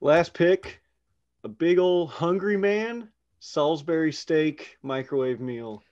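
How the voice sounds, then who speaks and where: A man's voice: fairly high pitch, slow, darkish tone. A man in casual group banter, playful and teasing. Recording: dull, lo-fi sound.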